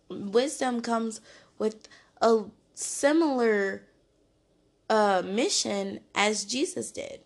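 A woman reading Bible verses aloud and then explaining them in a loose, conversational way. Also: on the high side. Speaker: Bible teacher. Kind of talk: casual Bible study talk.

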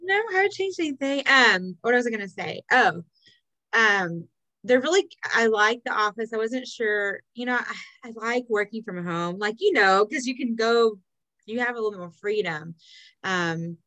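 A woman's voice: fairly high pitch, expressive, moderate pace, pushed and bright, dry recording, rough recording. A middle-aged woman from Texas chatting casually as a podcast co-host, swearing freely and filling her talk with ums and laughs. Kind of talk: casual chat.

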